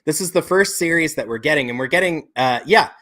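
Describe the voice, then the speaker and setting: A man co-hosting a podcast in casual chat, measured and agreeable, backing his partner with lots of mm-hmms. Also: a little high, a bit bright. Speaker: podcast co-host.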